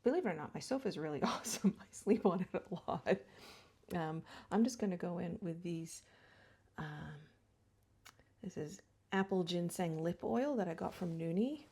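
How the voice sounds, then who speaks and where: Middle-aged lady rambling through her makeup vlog, low gravelly voice, laughs a lot and slips into whispers. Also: expressive, moderate pace, warm tone. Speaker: beauty vlogger. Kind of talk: chatty get-ready-with-me. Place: home.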